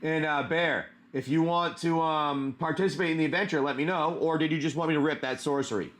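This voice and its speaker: Casual male stream host, fairly high-pitched, chatty and friendly with viewers, loose and full of fillers. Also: steady tone, fairly quick, fairly bright tone. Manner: chatty, greets viewers by name, many fillers. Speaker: live stream host opening card packs. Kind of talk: casual live stream chat.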